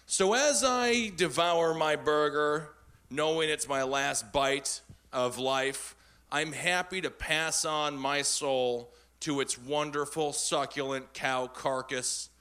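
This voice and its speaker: A man's voice: fairly high pitch, slow pace, pushed and bright, clear, resonant tone. A man arguing theatrically and mock-dramatically in a comic debate. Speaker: debater in a comedy show. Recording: noisy live recording.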